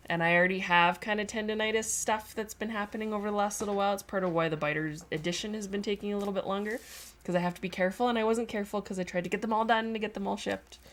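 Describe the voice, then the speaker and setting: A woman's voice: medium pitch, steady tone, very fast. A Canadian woman chatting casually on a craft livestream, reading viewer comments aloud and talking about her work. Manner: chatty, reads chat aloud, voices her lizard's thoughts. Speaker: sculpting livestream host. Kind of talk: casual chat while working.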